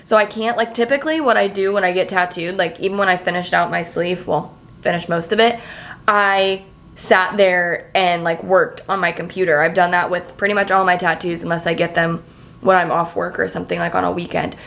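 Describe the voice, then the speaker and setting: A woman in her twenties talking casually to camera in a vlog, chatty and excitable, swearing freely and leaning on filler words. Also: fairly low pitch, fairly quick, creaky. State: emotional, near tears. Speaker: vlogger.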